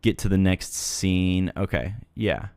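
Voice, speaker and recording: A man's voice: low-pitched, slow, darkish tone, smooth, dry recording. A man giving mock-serious commentary on a video, lecturing earnestly with playful asides. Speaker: video reviewer.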